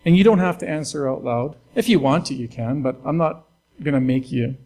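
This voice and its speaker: A man's voice: medium pitch, brisk, a little mellow, rough recording. A man pastor delivering a conversational, earnest sermon to his church, with fillers and restarts.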